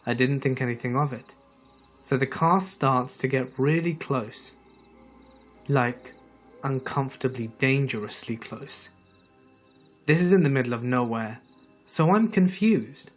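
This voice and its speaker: A man reads true horror stories aloud in a measured, dramatic way, his pitch sitting in the middle of the usual range for men. Soft music plays faintly behind his voice. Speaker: horror story narrator.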